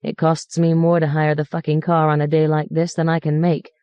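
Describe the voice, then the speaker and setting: A woman reading as a sneering male cabbie who rants and mocks his passengers with fake politeness. His voice sits low and mellow, with a dry close sound and no room around it. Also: flat delivery, a little fast, smooth, no room sound, natural voice. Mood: sarcastic ranting. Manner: mocking, ranting, mock-polite. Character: sarcastic foul-mouthed male New York cab driver.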